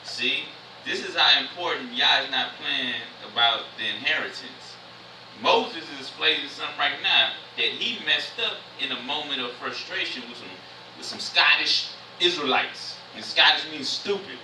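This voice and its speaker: A man delivers a casual sermon, reading verses slowly and unpacking them in relaxed street talk. His voice is bright and sharp. He sounds set back from the microphone, with the church room echoing around him and a faint hiss underneath. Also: fairly high pitch, far from the mic. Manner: reads scripture slowly, then explains in loose everyday slang. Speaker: church speaker. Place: church sanctuary. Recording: echoey church room, mic from afar.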